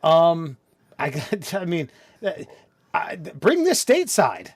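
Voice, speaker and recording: Profane rambling American podcast host. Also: male voice, fairly high pitch, wildly swooping pitch, dry recording. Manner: profane, rambling, quick bursts. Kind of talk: casual podcast chat.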